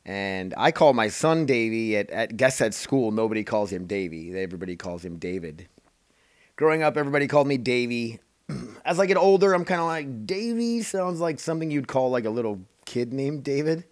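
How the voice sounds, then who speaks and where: A man's voice: fairly low pitch, no echo. A man hosting his own podcast, rambling in an offhand, casual way and swearing freely. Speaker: podcast host. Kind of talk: casual solo podcast chat.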